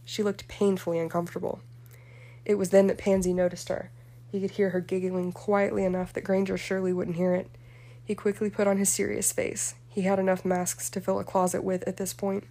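A woman narrating a story aloud at an even, measured pace. Her voice is mellow and soft-toned, and she keeps a flat, level tune with little rise or fall. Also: mid-range voice. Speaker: story reader. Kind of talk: audiobook-style reading of fan fiction.

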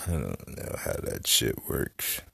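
A middle-aged man rambles through a solo podcast with a very deep, gravelly voice. He talks slowly, swears a lot and trails off into fillers. The sound is dry and close. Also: big pitch swings, a bit bright, no room sound. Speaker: podcast host. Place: Florida.

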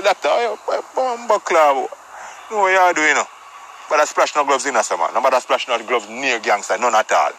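A man's voice: medium pitch, sharp tone, a little hiss or hum, low-quality recording. Brash Jamaican-patois man telling a story. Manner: brash, profane, boastful tough-guy bravado. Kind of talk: comic storytelling rant.

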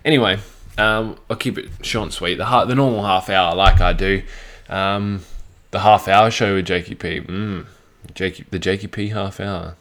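A man's voice: deep voice, steady tone, moderate pace, a bit bright. A young man hosting his own podcast, rambling crudely and swearing freely, with plenty of fillers and restarts. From Australia. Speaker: podcast host. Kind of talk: casual solo podcast monologue.

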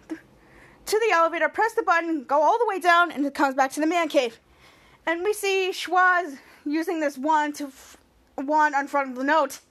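Very high-voiced woman recapping a show. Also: a bit bright. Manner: rambling play-by-play retelling with frequent restarts. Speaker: podcast host. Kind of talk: casual episode recap.

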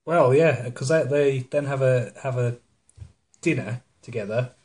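A man, co-hosting a casual podcast chat and retelling a film in a mocking, animated way with put-on voices. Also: mid-range voice, measured pace. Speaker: podcast co-host. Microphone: studio microphone.

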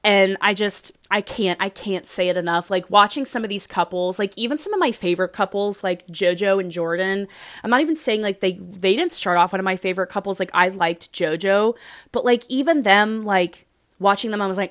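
A young woman chatting casually about a show, emotional and gushing, with many fillers and restarts. Her voice leaps high when she gets excited. The sound is close and dry. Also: a little fast, dry recording. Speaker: podcast host recapping a reality show. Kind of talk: casual chat.

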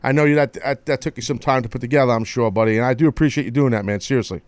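A man hosting a talk show, teasing callers with loose joking banter and sudden loud yelps. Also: mid-range voice, very fast, clear, resonant tone, no room sound. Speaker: host.

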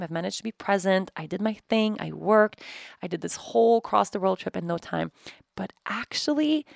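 A woman's voice: on the low side, gravelly, dry recording, clean studio sound. A woman in her thirties hosting a podcast, telling a personal story candidly and emotionally, with frequent swearing and acted-out dialogue. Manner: emotional, swears freely, acts out quoted dialogue. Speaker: podcast host.

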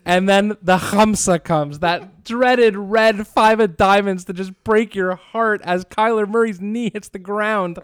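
A man's voice: high-pitched, takes it slowly, hardly any pauses, clean tone, no room sound, studio quality. A man co-hosting a sports betting podcast, telling a vivid casino story in the second person. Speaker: podcast co-host. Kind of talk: casual sports betting banter.

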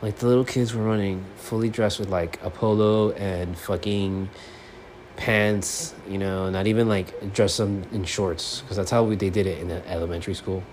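A man's voice: sits low, normal speed, a little hiss or hum. Profane, fired-up man ranting solo. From Miami. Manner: profane, animated, swings between subdued mumbling and loud ranting. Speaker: podcast host. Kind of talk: casual solo sports podcast rant. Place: his apartment.

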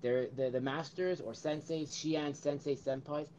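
A man's voice: fairly high pitch, fairly even intonation, a little slow, dark tone. Male podcast host, loose and rambling, recorded on muffled audio with light background noise. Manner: rambling, many fillers and restarts. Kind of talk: casual podcast chat.

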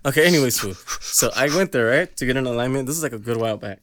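A man's voice: mid-range voice, lively intonation, fast talker, a bit bright, no echo, clean studio sound. Rambling laughing young man on a podcast. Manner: rambling, laughs often, loses his train of thought. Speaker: podcast host. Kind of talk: crude casual banter.

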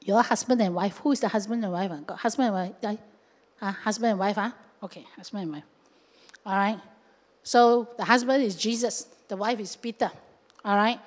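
A woman pastor preaching a sermon, lively and acting out scenes with local fillers. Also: mid-range voice, a little fast. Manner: animated, acts out scenes and voices, with local fillers like lah. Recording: long hall reverb.

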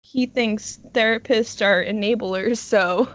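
A woman's voice: mid-range voice, slow. A woman in casual chat with friends, making dry, blunt remarks. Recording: dull lo-fi sound.

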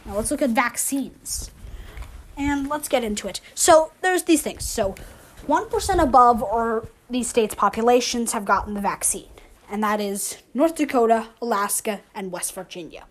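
A woman with a somewhat high voice hosts a homemade news rundown. She reads through long lists in a casual, unpolished way and stops to correct her own slips. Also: lively intonation, normal speed. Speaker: news show host.

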